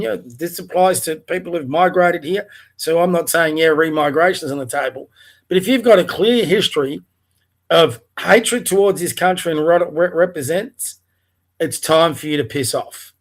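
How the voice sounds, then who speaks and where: An Australian man with a fairly high voice delivers a furious rant on his livestream. He talks bluntly, swears often and fires off heated rhetorical questions. He sounds like he is speaking from home. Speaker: livestream host. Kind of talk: angry political rant. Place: home, in front of a TV.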